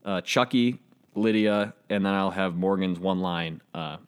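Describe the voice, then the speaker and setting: Low-voiced man co-hosting a podcast. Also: measured pace, smooth. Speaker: podcast co-host. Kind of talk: casual chat.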